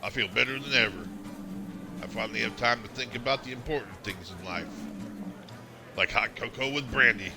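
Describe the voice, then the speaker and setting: A man's voice: mid-range voice, a little fast, creaky, long pauses, over music, lightly acted. A man playing a cheerful, boozy festivalgoer. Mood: jolly. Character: easygoing, boozy male festivalgoer. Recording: game ambience noise behind.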